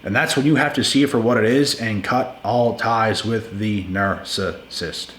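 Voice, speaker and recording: A man's voice: on the low side, normal speed, fairly bright tone, slight background noise. Blunt man in an echoey room. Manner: blunt and emphatic, repeats words for stress, says "bro". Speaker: channel host giving relationship advice. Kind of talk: casual advice monologue.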